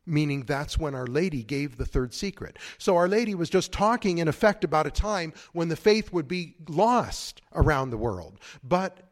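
A man's voice: fairly high pitch, lively intonation, normal speed, hardly any pauses. A man who is a priest, giving a conference talk in a conversational, digressive way with frequent asides.

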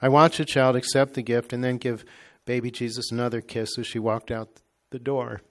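A man reading a devotional story aloud in a slow, measured, reverent way. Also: mid-range voice, flat delivery. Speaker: reader.

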